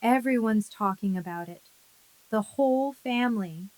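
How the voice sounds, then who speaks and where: A woman voicing a gentle middle-aged aunt who speaks softly and with regret. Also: fairly high pitch, moderate pace, no echo, close to an everyday voice, rough recording. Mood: rueful. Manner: soft, rueful.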